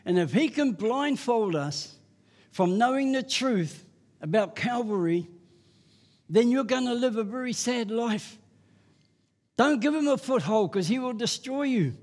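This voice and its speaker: A man's voice: very high voice, animated, measured pace, darkish tone. A man preaching a sermon. He tells personal testimony in a folksy way and chuckles at himself.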